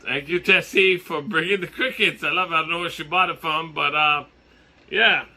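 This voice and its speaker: A man from Hawaii with a Hawaiian accent, vlogging casually in a jokey, excitable way, swearing and laughing as he talks. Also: a little high, normal speed. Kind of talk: casual vlog.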